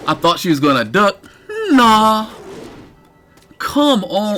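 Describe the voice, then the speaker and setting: A man's voice: high voice, takes it slowly, faint music behind. A man streaming live, ranting in exasperated detail about a fighting game character. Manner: animated, incredulous, cursing.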